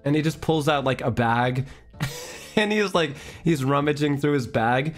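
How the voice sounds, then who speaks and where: A man's voice: a little high, unhurried, faint music behind. A man streamer telling a story in a casual chat stream. He rambles, fills his talk with fillers, and giggles often.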